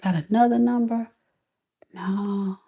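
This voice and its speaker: A woman's voice: medium pitch, fairly even intonation, slow pace, vocal fry, lo-fi sound. A woman voicing a panicked ex-partner calling a phone that nobody answers, frantic and muttering.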